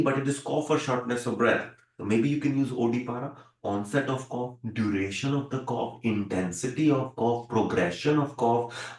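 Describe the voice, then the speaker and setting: Male tutor, mid pitch, explains step by step and keeps checking "right?", roomy echo on the voice. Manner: explanatory, repeats key points, asks "right?" often. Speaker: medical exam tutor. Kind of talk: online teaching session.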